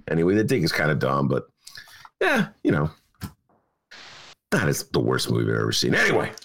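A man's voice: sits low, wildly swooping pitch, a little fast, gravelly, long pauses, a bit bright, husky. A man in his sixties hosting a podcast, chatting casually in a rambling, emphatic way and repeating himself. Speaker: podcast host and journalist. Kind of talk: casual chat.

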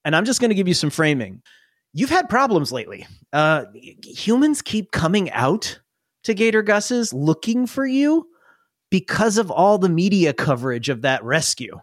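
A man running a tabletop game, his voice a touch higher than most and full of swoops. He narrates with chuckles, close to a dry microphone. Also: sing-song, normal speed, no echo. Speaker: game master.

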